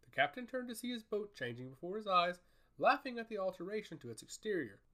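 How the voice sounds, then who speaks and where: Expressive man narrating a fantasy story. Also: sits high, quick pace.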